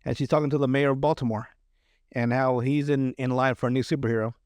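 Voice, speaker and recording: This podcast host talks fast in a mid-range, darkish, clean voice with fairly even intonation, recorded dry. Recapping a TV episode casually, he rambles with frequent fillers and restarts and keeps laughing.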